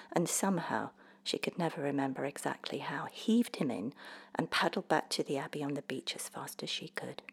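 A woman narrating a storybook in a measured, expressive way, sometimes dropping almost to a whisper. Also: low-pitched, slightly rough.

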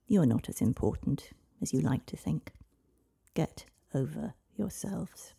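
A woman voicing an ancient dragon speaking through a child, solemn and aloof, in a breathy, gravelly low voice. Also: animated, a little slow, mellow, exaggerated voice.

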